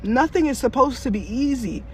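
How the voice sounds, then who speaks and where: A woman's voice: sits high, animated, a little mellow. Furious young woman ranting, faint road noise. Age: 20s. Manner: furious, swearing heavily, rapid rhetorical questions. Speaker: social worker. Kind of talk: angry venting monologue.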